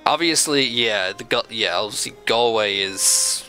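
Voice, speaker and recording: A man with a fairly low voice and a strikingly sharp, bright tone talks through a strategy game he is playing. He chats casually and scolds the computer opponents in mock outrage. Faint game music plays behind him. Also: unhurried, poor audio. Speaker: video game let's-play host. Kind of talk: casual gameplay commentary.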